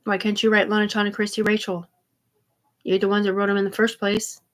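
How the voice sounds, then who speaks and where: A woman talks live to her stream in a loose, rambling monologue. Her delivery is agitated and full of swearing. Her thoughts tumble over each other in quick digressions. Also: mid-range voice, flat delivery. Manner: rambling, profane, rapid digressions; agitated, repeatedly says "dude". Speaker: livestreamer.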